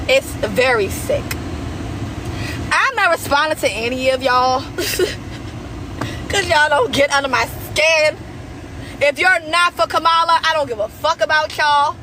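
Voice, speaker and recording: A woman's voice: high voice, sharp tone, a little hiss or hum, rough recording. A woman in a car delivering a heated, repetitive, slangy rant to her followers. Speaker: social media poster. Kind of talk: angry rant to camera. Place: inside a car.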